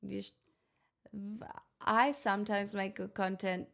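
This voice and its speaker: A woman's voice: mid-range voice, fairly even intonation, measured pace, gravelly. A woman live streamer who is sick, chatting casually and rambling with self-deprecating asides.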